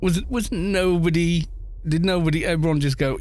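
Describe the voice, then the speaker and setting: A man's voice: on the high side, moderate pace, a little mellow, no room sound. A man hosting a gaming channel, chatting wryly and rambling through asides while he plays an online game. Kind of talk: casual commentary while playing an online game.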